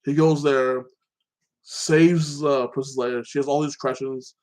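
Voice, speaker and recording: Male host, casual recap talk, rambling and opinionated, heavy filler, mid-pitched voice. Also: fairly even intonation, a little slow, a little mellow. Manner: rambling, fills with "like that" and restarts; opinionated, ranting about plot holes.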